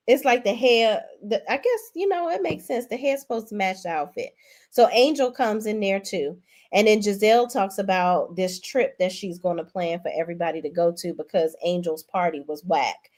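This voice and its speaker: A woman reviewing reality TV episodes in a casual, talky way at a medium pitch. She is sassy and blunt, swears freely and leans hard into her punchlines. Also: moderate pace. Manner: animated and emphatic. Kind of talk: casual recap commentary.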